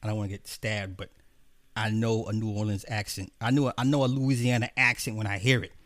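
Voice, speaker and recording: A man's voice: lowish voice, fairly even intonation, a little fast, a bit bright, no room sound. A man giving a casual, profane, rambling film rant, talking straight to his viewers. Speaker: streamer reviewing a film.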